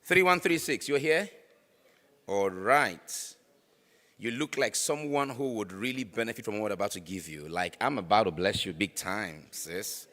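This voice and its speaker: A man's voice: lowish voice, expressive, normal speed, a bit bright. A Nigerian man hosting a raffle draw at an event, teasing winners and chanting ticket numbers over and over. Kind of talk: playful event emcee. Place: conference hall. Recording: echoey hall with long reverb.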